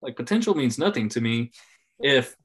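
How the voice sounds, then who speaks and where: A man in casual conversation, laid-back, swearing freely and trailing off softly at the ends of his phrases. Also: medium pitch, animated, moderate pace. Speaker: podcast guest. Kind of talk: casual chat.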